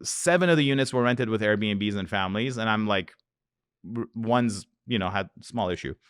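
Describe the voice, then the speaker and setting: A man's voice: fairly low pitch, normal speed, clear, resonant tone, no room sound, studio quality. A man, an investor telling wild anecdotes in a podcast interview, swearing freely and acting out the people in his stories. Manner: profane, acts out voices in his anecdotes. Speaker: real estate investor guest. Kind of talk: animated storytelling.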